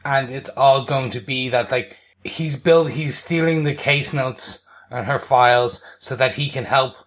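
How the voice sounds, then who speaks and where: A man's voice: mid-range voice, unhurried. Playful male co-host who riffs and jokes, with a mid-range voice. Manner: animated, jokey, slips into playful voices. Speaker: podcast co-host. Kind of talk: casual chat.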